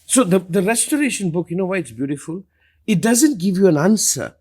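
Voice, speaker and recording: A man's voice: a little fast, husky. A middle-aged man speaking as a spiritual teacher in a live question-and-answer talk, emphatic and passionate. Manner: emphatic, passionate, lively swings in pitch and loudness.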